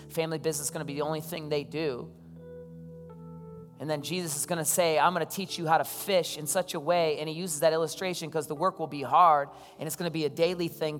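Pastor preaching in a reverberant hall. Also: male voice, a little high. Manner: conversational storytelling, asks the crowd questions. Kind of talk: sermon. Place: church hall. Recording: long hall reverb with soft keys.

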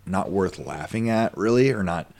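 A man's voice: low voice, animated, moderate pace, creaky, a little mellow. A man hosting a podcast, telling a long story in a rambling, casual way full of fillers and asides. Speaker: podcast host. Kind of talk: casual conversation.

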